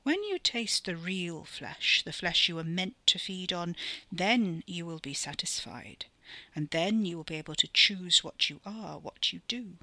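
A woman voicing an ancient otherworldly male enchanter who speaks in measured, riddling questions. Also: fairly low pitch, lively intonation, pushed and bright, no echo, heavily acted. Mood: solemn.

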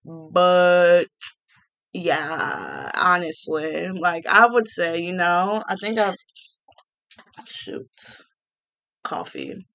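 A woman's voice: lowish voice, expressive, extremely slow, gravelly, long pauses, a bit bright. A young woman from the Midwest, ranting casually in a blunt, sarcastic, profane way and laughing often. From Gary, Indiana. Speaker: vlogger.

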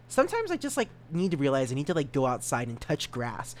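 A man's voice: mid-range voice, huge pitch swings, fast talker. A young man hosting a solo podcast, rambling and giggling at himself, with a stutter. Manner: rambling, giggly, self-mocking. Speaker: podcast host.

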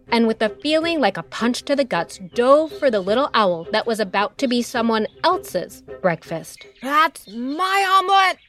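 A woman narrating a children's story in a lively, expressive way, with music behind her. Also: medium pitch.

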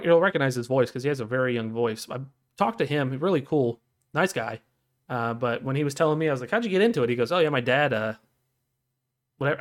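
A man co-hosting a casual podcast, talking in a rambling way full of fillers and restarts. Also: mid-range voice. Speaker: podcast co-host. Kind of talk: casual chat.

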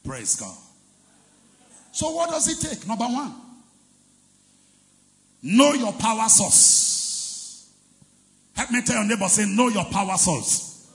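A man preaching a sermon as pastor, leading the congregation in call-and-response and shouting and chanting his key phrases. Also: sits high, very animated, slow, gravelly, long pauses, in a large hall. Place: large church hall.

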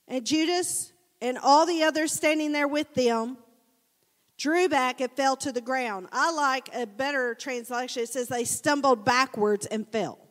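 Woman pastor, high voice, relaxed conversational sermon, long church reverb. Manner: casual, animated storytelling, addresses the crowd as guys. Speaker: preacher. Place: church sanctuary.

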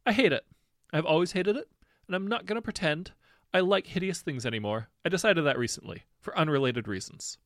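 A man voicing a flamboyant, self-pitying prince in his twenties, theatrical and loud. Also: medium pitch, sing-song, brisk, dry recording, clean studio sound. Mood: melodramatic. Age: 20s. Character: flamboyant, whiny young prince, melodramatic.

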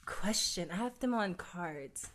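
A woman's voice: fairly low pitch, animated, slow pace, crowd noise. A woman co-hosting a podcast in casual chat, playful and giggly. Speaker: podcast co-host.

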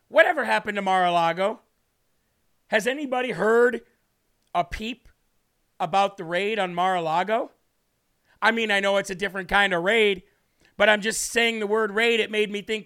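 A man hosting a live political talk stream, talking in an animated, repetitive way, greeting viewers by name and reading a devotional. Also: high voice, clean tone. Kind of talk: casual live-stream commentary.

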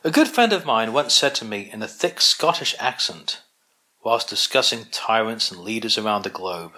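A man's voice: fairly low pitch, animated, moderate pace, pushed and bright. A man hosting his own collection, reading an opinion essay aloud with wry, sardonic asides and the odd stumble over a word. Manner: occasional stumbles over words.

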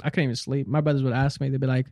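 A young man co-hosting a podcast, telling a story in a rambling, animated way full of fillers. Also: mid-range voice, rapid-fire, creaky, dry recording, studio quality. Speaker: podcast co-host. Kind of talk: casual storytelling chat.

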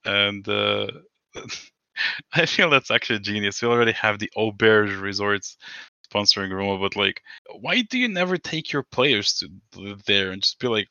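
A man's voice: lowish voice, animated, moderate pace, vocal fry, bright, forceful tone, no echo, muffled recording. A man co-hosting a podcast in casual chat, rambling and swearing, laughing often. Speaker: podcast co-host.

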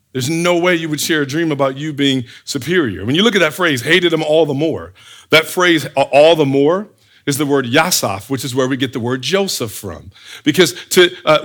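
A man preaching a sermon, firing rhetorical questions and acting out the scenes he describes. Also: a little high. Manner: animated, fires rhetorical questions, acts out scenes.

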